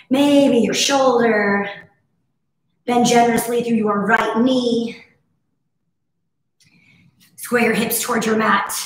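A woman fitness instructor with a hoarse, husky voice, cueing breaths and moves in a casual, encouraging live workout class. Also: on the high side. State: hoarse from overuse. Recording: very echoey room.

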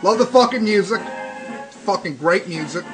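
A young man hosting a let's play, ranting and swearing in excitable, casual gaming commentary over faint game music. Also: sits high, normal speed.

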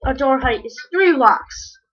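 A woman giving casual, rambling commentary while playing a game, breaking into sudden excited yelps. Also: high voice, unhurried. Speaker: gamer. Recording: dull lo-fi recording.

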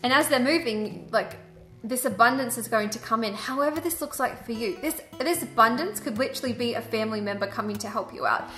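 Woman card reader, chatty and earnest, bright higher voice, echoey room with soft music behind. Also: brisk. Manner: chatty, earnest, heavy use of "like". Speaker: tarot and angel card reader. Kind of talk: casual spiritual guidance vlog.

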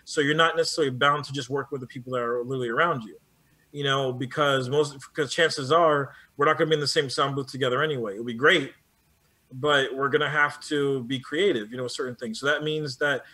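A man talking in a casual conversation as an animation producer, animated and often restarting his sentences. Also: mid-range voice, a little fast. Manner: animated, many restarts and repeated words.

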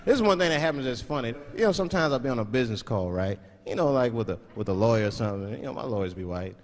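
This stand-up comic has a mid-range voice and speaks very fast, performing in a large hall for a live audience. Telling stories with lots of energy, he drops into mock voices along the way. Crowd noise fills the live-show recording.

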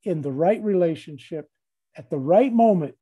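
A man giving a reflective dharma talk in a measured way, repeating phrases and leaving long pauses. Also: a little high, lively intonation, dark tone, husky.

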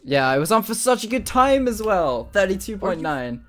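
A man's voice: sits high, very animated, moderate pace, a bit bright. Teasing young British man. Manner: teasing, laughs often. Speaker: host. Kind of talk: casual gaming commentary.

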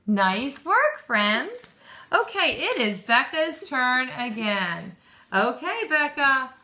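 A woman teaching young children, full of encouragement and quick praise. She speaks slowly and stretches out her questions. Her voice is bright and clear. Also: high voice, big pitch swings.

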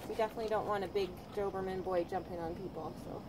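A woman dog trainer calmly explaining, step by step, how she trains a dog. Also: fast, background noise. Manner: calm, practical explaining with frequent high-pitched praise to the dog.

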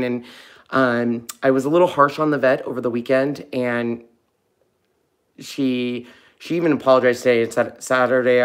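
A man hosting a casual live stream at home, talking fondly to puppies with soft baby talk. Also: medium pitch. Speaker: host of a live puppy stream.

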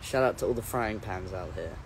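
A man's voice: low-pitched, fairly quick, a little hiss or hum. A man hosting a casual livestream, reading out viewer comments and answering in a rambling, playful, self-correcting way.

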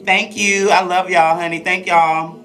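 This transgender woman's voice is lowish and fairly bright, her tone steady and her pace measured, as she talks frankly and crudely with stream viewers. Faint classical Christmas music plays in the background.

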